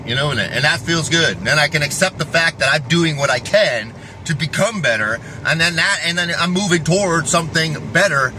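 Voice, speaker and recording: Man, rambling vlog rant, profane, keeps restarting sentences, bright forceful tone. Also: a little high, fairly quick, slight background noise. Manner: profane, restless, self-interrupting. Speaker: fitness vlogger. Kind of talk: rambling casual monologue.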